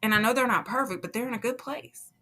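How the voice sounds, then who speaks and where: A woman's voice: on the high side, fast. A woman hosting a podcast, casually and animatedly telling her own faith testimony. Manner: animated, acts out quoted voices, laughs often. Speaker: podcast host.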